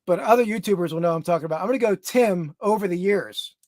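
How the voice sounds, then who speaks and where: A man co-hosting a casual podcast over a video call, easygoing and chuckling as he argues his point. His voice is high-pitched. The sound is dry, with no room echo. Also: fast talker, a little mellow. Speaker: podcast co-host.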